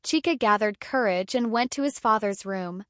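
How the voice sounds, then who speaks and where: A woman telling a folktale as scripted story narration, steady and dramatic. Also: mid-range voice, normal speed, no echo, clean studio sound.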